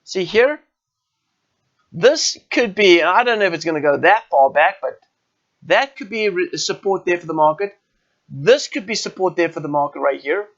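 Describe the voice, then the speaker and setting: A man's voice: high-pitched, expressive, moderate pace, fairly bright tone, muffled recording. A South African man walking viewers through a live trading chart session, talking informally and often checking in with them. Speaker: forex trading educator. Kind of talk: live trading webinar walkthrough.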